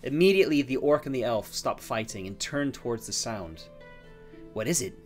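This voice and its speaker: A man plays and narrates a solo tabletop fantasy game by himself. He thinks aloud, wanders through fillers and restarts, and talks at an ordinary middle pitch. Soft guitar music plays underneath. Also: lively intonation, fairly quick. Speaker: solo game master and player.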